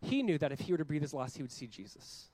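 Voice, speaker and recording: A man in his thirties preaching a sermon as a pastor, earnest, with loud emphatic peaks and quiet, slowed passages. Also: on the high side, big pitch swings, no echo, low-quality recording.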